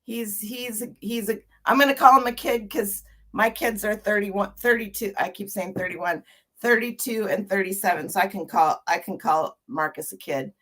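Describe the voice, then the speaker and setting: A woman in her fifties, hosting a casual livestream and chatting warmly, laughing and greeting viewers one by one. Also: medium pitch, moderate pace. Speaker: livestream host.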